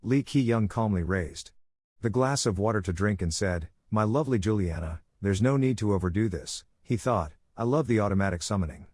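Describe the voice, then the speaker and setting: A man's voice: lowish voice, animated, moderate pace, a little mellow, dry recording, clean studio sound. A man reading a comic story recap aloud, voicing every character's lines in the same narrating voice.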